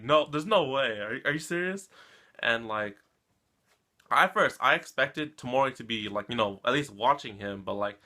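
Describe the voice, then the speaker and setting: Man, anime reaction vlogger, bright tone, rambling recap, keeps checking in with the listener. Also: medium pitch. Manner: rambling, keeps tagging "right?". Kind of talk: casual episode recap.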